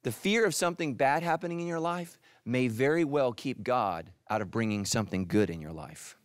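A man preaching a sermon as pastor, animated and speaking straight to his listeners. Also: medium pitch, moderate pace, dry recording, clean studio sound. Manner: animated, addresses listeners directly.

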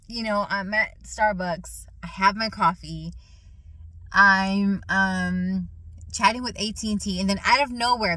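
A woman in a casual faith testimony vlog, talking excitedly while chewing gum and repeating phrases for emphasis. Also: medium pitch, dry recording, poor audio. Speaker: vlogger sharing a faith testimony.

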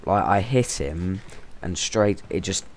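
A man talks through a video game in a deep, low voice and an unhurried delivery. He chatters casually and bursts into sudden exclamations. There is a faint hiss of noise behind him. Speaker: gaming channel host. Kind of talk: gameplay commentary. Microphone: temporary stand-in mic.

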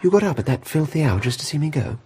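A man's voice: on the high side, very animated, fast talker, warm tone, breathy edge, heavily acted. Boyish, eager young man Robin. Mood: delighted. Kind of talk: radio play acting.

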